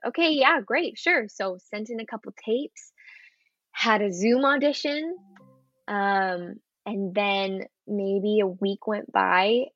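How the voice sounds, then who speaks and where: A woman's voice: medium pitch, slow pace, no room sound, highs cut off. Earnest young actress telling her story. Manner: earnest, animated storytelling with acted quotes and laughs. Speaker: actress guest. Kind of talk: casual interview chat.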